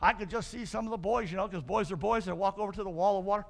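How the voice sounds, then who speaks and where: In a high, creaky voice that races along, a middle-aged male pastor delivers a sermon. He tells Bible stories with great animation, playing the figures himself and rising to shouts.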